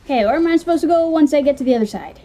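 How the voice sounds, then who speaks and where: Woman playing a game and chatting thru it, high-pitched but kinda mellow tone, talks to the characters. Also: rapid-fire. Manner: excitable, talks to the game, squeals and laughs. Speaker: gamer playing on a video channel. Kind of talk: casual let's-play commentary.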